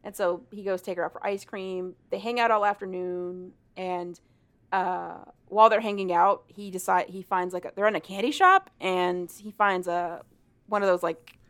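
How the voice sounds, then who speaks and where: Young woman co-host, lively storyteller, swaps into character voices, casual chat. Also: lowish voice, moderate pace, clean tone. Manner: animated, acts out characters' lines with swearing and laughter. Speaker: podcast co-host.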